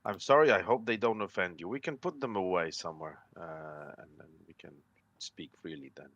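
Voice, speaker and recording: A deep-voiced wandering ranger, played by a man, polite and a little awkward, apologizing and restarting as he explains himself to his host. He sounds low and grounded in this tabletop role-play. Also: brisk, a bit bright, lo-fi sound. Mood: earnest, apologetic. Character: courteous male ranger, a wandering guardian. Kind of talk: in-character role-play over a call.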